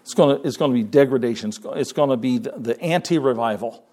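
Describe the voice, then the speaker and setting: A man's voice: medium pitch, quick pace, a little mellow. A man preaching a sermon in a folksy way, repeating his words and quoting scripture in King James wording. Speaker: pastor.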